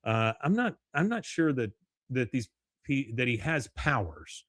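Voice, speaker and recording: A man casually recapping a cartoon episode on a podcast. His voice sits at a middle pitch, and his talk is loose and rambling. The sound is dry and close, with no room echo. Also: big pitch swings, measured pace, a bit bright. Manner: loose, rambling, with frequent uh fillers and crude jokes. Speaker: podcast host.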